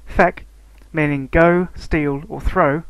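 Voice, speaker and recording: A man narrating a scripted lesson on language variation, reading steadily and slowing down to spell out example words. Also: fairly high pitch, steady tone, clear, resonant tone, no echo, low-quality recording. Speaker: student narrator.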